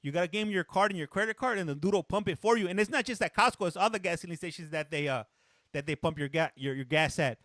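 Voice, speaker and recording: A man's voice: high voice, fast, a bit bright, dry recording, studio quality. A man hosting a casual live stream, telling a story in a chatty, rambling way while stopping to greet and answer viewers in chat, now and then slipping into a little Spanish. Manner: chatty storyteller, stops often to read comments; slips briefly into Spanish. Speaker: livestream host reading viewer chat.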